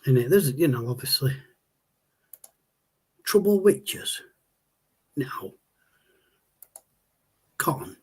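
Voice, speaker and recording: A man's voice: medium pitch, animated, slow pace, pauses often, breathy edge. A man, hosting a casual livestream and rambling as he answers viewer chat. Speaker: livestream host.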